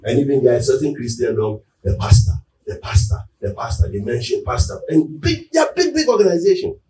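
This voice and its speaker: A man preaching a sermon, often asking the congregation whether they are with him and building to loud, emphatic peaks. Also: mid-range voice, very animated, fairly quick, a little hiss or hum. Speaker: pastor. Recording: echoey room, mic at a distance.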